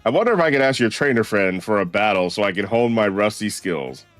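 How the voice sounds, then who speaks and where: Man voicing courteous retired barista, mock French accent, hammy read, lowish voice, dry close sound. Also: animated, a little fast, a bit bright, no room sound, faint music behind. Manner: hammy, read-aloud game dialogue. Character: old male former cafe barista, polite.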